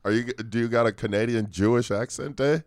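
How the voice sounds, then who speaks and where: A man's voice: mid-range voice, fast, a little mellow, dry recording, clean studio sound. Joking man with mock Canadian accent. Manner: jokey, puts on a mock Canadian accent ending lines with eh; laughs often. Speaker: podcast co-host. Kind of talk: casual comedic banter.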